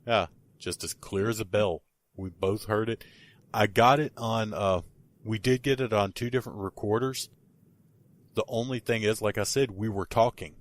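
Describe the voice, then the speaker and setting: A man's voice: lowish voice, fairly even intonation, normal speed. A man, a paranormal investigator, telling a story in casual podcast talk, rambling with many restarts and fillers.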